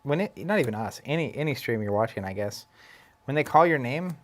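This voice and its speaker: Lively-voiced man with dry quips. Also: medium pitch, fairly quick. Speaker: co-host of a card game stream. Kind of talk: casual chat.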